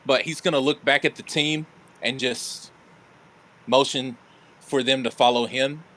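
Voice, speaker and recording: Player dude slowly explaining what his guy does, lots of likes and pauses. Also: mid-range voice, steady tone, pushed and bright. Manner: unhurried, hesitant with fillers. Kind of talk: describing his character's actions in a tabletop game.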